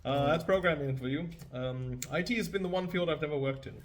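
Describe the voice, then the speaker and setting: A man's voice: on the high side, a little hiss or hum. A man hosting a casual meme review, joking and laughing often as he reacts. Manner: laughs often, jokey, acts out quick silly voices. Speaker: host.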